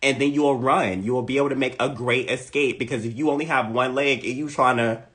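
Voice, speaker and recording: A man giving a casual, comedic astrology monologue, playful and animated, repeating lines for emphasis. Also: mid-range voice, fairly quick. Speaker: astrology content creator.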